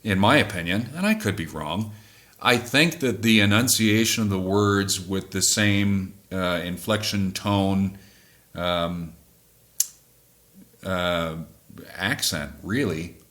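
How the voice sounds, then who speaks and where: A man who sings in a cover band, calmly explaining how he builds a track, pausing to correct himself as he goes. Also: low-pitched. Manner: measured, thoughtful, self-correcting. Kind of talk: explaining music production.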